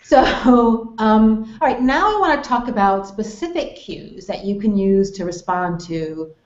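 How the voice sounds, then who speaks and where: An American woman teaching English conversation, explaining clearly and acting out example phrases with exaggerated tone. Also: medium pitch, expressive, unhurried, darkish tone. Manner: friendly, explanatory, models phrases with exaggerated intonation. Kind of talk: online English lesson hangout. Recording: roomy, dull web call audio.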